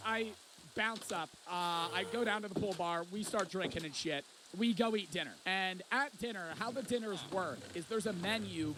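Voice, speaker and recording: Over a noisy background, a young man whose voice sits high casually recounts a long vacation. This vlogger rambles, curses freely and keeps adding "right?" to his lines.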